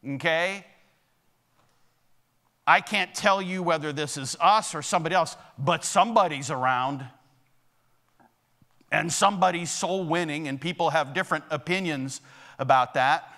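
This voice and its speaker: Pastor guy preaching, kinda high bright voice, chatty, keeps asking the church "okay?". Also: a little slow, long pauses. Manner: conversational preaching with frequent "okay?" and "right?" check-ins to the congregation. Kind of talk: sermon. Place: church sanctuary.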